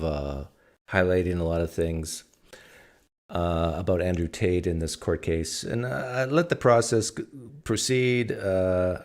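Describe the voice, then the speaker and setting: A man hosting a live stream, giving reaction commentary in a deliberate way and slowing down to stress his points. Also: low voice, a little mellow. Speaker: host.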